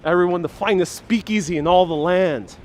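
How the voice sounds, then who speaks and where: A sarcastic, playful man hosts a live stream outdoors on a city street, laughing between jokes. His voice sits a little high, with faint traffic behind it on a wireless lapel mic. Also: brisk. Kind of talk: joking live walking stream.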